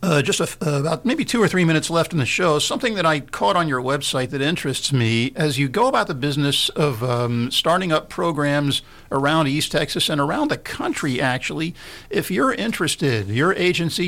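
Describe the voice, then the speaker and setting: A man hosting a morning radio interview show, who asks his questions haltingly with many fillers. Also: fairly high pitch, fairly bright tone.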